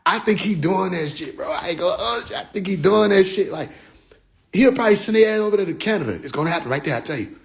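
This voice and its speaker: A man with a high-pitched voice rants casually on a phone livestream, full of swearing and animated energy. He keeps dropping into low, mocking impressions of other people. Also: fast, vocal fry. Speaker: livestream host.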